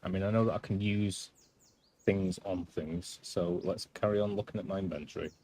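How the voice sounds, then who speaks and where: Offhand low-voiced man playing a game. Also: fairly even intonation, normal speed, a little mellow, slight background noise. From not American. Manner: chatty, offhand, rambling. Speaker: gamer streamer. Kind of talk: casual gameplay commentary.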